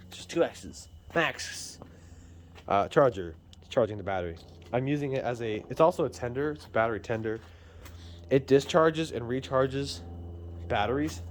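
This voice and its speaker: A man's voice: mid-range voice, fairly bright tone, a little hiss or hum. A man rambling casually while fixing a car in his garage, filming on a handheld phone camera. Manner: rambling, self-deprecating, chatty. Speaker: vlogger. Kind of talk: casual chat.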